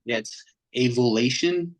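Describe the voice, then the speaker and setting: A man's voice: medium pitch, measured pace, low-quality recording. A man, a metal band vocalist, chatting casually as a podcast guest and telling a story with lots of slang, acting out what people said. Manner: animated, slangy, acts out quotes in other voices.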